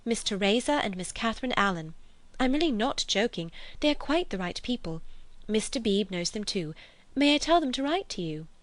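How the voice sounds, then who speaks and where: A woman's voice: mid-range voice, big pitch swings, normal speed, dry recording, voice pushed up, lightly acted. A woman reading aloud, voicing an earnest, eager young woman with a lifted, pleading tone. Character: earnest, lively young Englishwoman.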